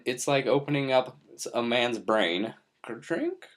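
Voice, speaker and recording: A man's voice: mid-range voice, moderate pace. A young man vlogging off the cuff, rambling in a playful, goofy way about movies. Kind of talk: unscripted monologue to camera.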